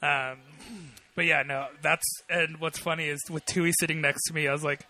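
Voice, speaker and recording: Dude in casual chat, kinda high bright voice, earnest and reflective, lots of uhs. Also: male voice, little pitch movement, moderate pace. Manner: earnest, reflective storytelling with hesitations.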